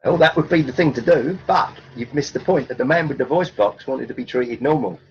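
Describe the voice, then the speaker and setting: A man's voice: mid-range voice, fairly quick, slight background noise. A middle-aged man, a stand-up comedian telling blunt stories in an interview and firing off rhetorical questions. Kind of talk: storytelling in an interview. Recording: dull lo-fi recording.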